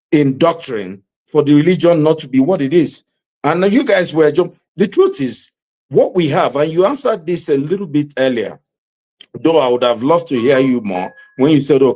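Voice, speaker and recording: A man hosting a panel debate, speaking haltingly with many fillers before arguing firmly. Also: a little high. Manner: halting, many fillers, then forceful argument. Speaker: talk show host.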